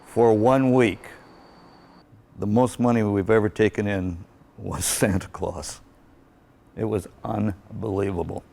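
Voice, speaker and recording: A man's voice: on the low side, fairly even intonation, slow pace, creaky, pauses often, mellow. A middle-aged man who owns a small-town movie theater, talking plainly and folksily in an interview. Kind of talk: casual interview.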